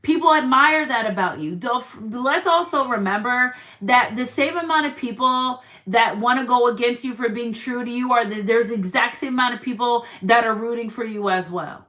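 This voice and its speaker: A woman's voice: a little high, normal speed, hardly any pauses, pushed and bright. A woman doing a tarot reading for her viewers, encouraging them with repeated affirmations and quoting scripture. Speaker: tarot reader. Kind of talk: spiritual reading monologue.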